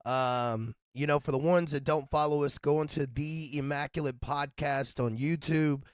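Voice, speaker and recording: A man with a raspy, deep voice co-hosting a podcast, chatting loosely with laughs and shout-outs. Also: fairly even intonation, moderate pace, no room sound, clean studio sound. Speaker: podcast co-host. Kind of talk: casual podcast chat.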